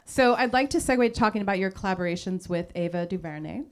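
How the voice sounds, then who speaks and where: A woman hosting a live stage interview, asking measured, prepared questions. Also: medium pitch, noisy background. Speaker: host.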